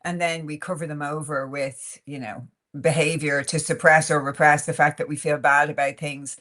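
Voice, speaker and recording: Irish woman guest on an interview podcast, fairly low voice, open and lively, talks in loose spoken sentences. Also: moderate pace. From Ireland. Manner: frank and animated, laughing often, many "like" and "you know" fillers. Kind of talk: candid conversational interview.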